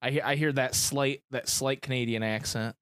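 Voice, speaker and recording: A man's voice: medium pitch, normal speed, clean tone, no echo, clean studio sound. A young man with a Michigan accent, hosting a podcast in loose, profane casual chat. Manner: loose and profane, lively intonation. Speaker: podcast host.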